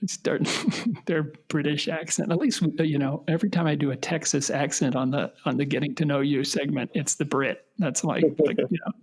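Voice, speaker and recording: A middle-aged man hosts a casual comedy podcast with his sons. His voice is husky and sits slightly high, and he talks in looping, hesitant runs, forever restarting his sentences and poking fun at himself. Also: steady tone, moderate pace, darkish tone. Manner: rambling, hesitant, self-deprecating, many restarts. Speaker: podcast host, father of co-hosts.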